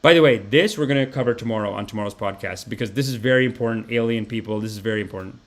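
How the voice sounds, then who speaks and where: Speaking rapid-fire in a lowish voice, a podcast host chats casually on a livestream. He's animated and profane, wandering off on one tangent after another.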